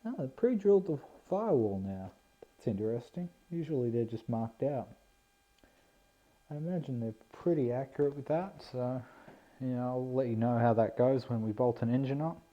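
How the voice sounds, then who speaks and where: A man's voice: mid-range voice, expressive, moderate pace, dark tone. A man giving a laid-back, self-deprecating unboxing commentary on a model plane, indoors on a camera mic. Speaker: RC plane hobbyist vlogger. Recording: dull lo-fi camera audio.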